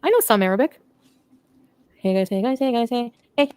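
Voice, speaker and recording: Woman joking around beside the streamer, warm dark voice, laughs a lot. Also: fairly high pitch, expressive, smooth, no room sound. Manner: playful, laughs a lot, quick interjections. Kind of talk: casual banter off to the side.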